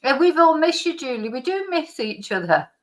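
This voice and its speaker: A woman's voice: high-pitched, sing-song, normal speed. A middle-aged woman with a slight lingering cough, hosting a live stream in rambling, casual chat as she reads out viewer comments. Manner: rambling, chatty, with frequent restarts and laughs.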